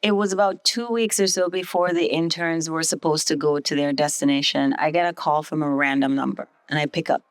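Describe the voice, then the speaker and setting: A middle-aged woman from St. Vincent, a hospital CEO, tells her life story casually as a podcast guest. Her low voice moves briskly with few pauses, and there's no room sound. She's a lively storyteller who raises her voice to act out other people's quoted lines.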